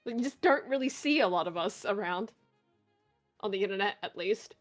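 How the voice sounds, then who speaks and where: A woman's voice: mid-range voice, animated, brisk, soft background music. A woman from Australia with a Western Australian accent, a guest on a casual chat stream who laughs while she explains.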